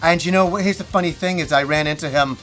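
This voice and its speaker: A middle-aged man hosting a casual chat about games, telling stories with lively animation and plenty of swearing. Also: fairly high pitch, fast, faint music behind. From Canada. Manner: animated storyteller, swears freely. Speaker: host.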